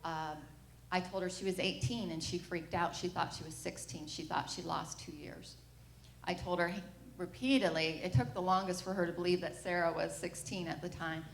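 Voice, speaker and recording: Her lowish, gravelly voice keeps a steady tone and moderate pace as this middle-aged mother tells her church testimony plainly, performing the words others said. The sanctuary sounds echoey, with a faint hiss or hum.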